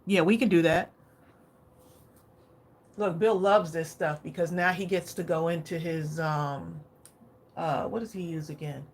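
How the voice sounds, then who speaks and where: A woman's voice: fairly low pitch, fairly even intonation, a little slow, pauses often. A woman hosting a craft livestream, chatting casually and often asking viewers what they think. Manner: chatty, keeps asking viewers their opinion.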